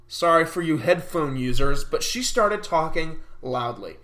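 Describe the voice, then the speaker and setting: A man's voice: on the high side, animated, measured pace, hardly any pauses, a bit bright. A young man in his early twenties hosting a podcast, ranting animatedly in a casual monologue and laughing often. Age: early 20s. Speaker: podcast host.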